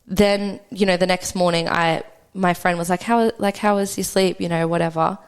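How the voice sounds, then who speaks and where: A woman's voice: lowish voice, steady tone, smooth. A young adult woman, a podcast guest, speaking candidly and conversationally about her own experience, often re-enacting what she and others said. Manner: quick, conversational, re-enacts past dialogue. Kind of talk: candid personal storytelling.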